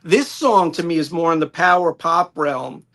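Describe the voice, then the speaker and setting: A man's voice: fairly high pitch, expressive, moderate pace, gravelly, a bit bright. A man with a New York accent presenting a prepared album review from his notes on a live-stream panel, detailed and enthusiastic.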